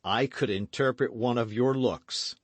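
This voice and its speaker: A man's voice: medium pitch, a little slow, no echo, pitched above the performer's own voice, natural voice. A man reading an audiobook, voicing a passionate young swordsman who speaks in eager, impassioned exclamations. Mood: ardent, eager.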